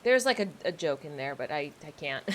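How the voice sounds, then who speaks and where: A woman's voice: low voice, very animated, moderate pace, a bit bright, a little hiss or hum. A young adult woman streaming a game, chatting casually with viewers in a rambling, self-deprecating way. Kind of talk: casual livestream chat while playing.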